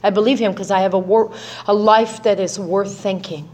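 A woman's voice: medium pitch, fairly even intonation, normal speed, a little mellow. A middle-aged woman sharing her recovery story in a personal testimony talk, speaking conversationally with many "right?" tags and restarts.

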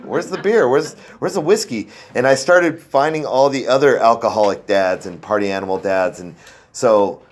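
A man's voice: mid-range voice, a little hiss or hum. A man telling his own recovery story in a casual, rambling way, self-deprecating and full of fillers and restarts. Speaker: speaker sharing a recovery story. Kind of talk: casual personal testimony.

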